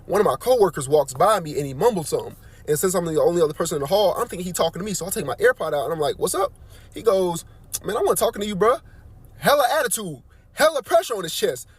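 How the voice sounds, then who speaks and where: Fast-talking high-voiced man telling a story. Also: a little hiss or hum. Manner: animated slangy storyteller, voice jumps up for quoted lines. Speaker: nursing aide on night shift. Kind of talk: casual storytime.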